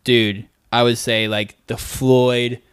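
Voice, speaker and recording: A man's voice: medium pitch, level tone, slow, clean tone, no room sound. A young man rambles through a story on his podcast, leaning on "like" and "dude" in easy casual chat. His voice sits mid-range and sounds dry and close. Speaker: podcast co-host.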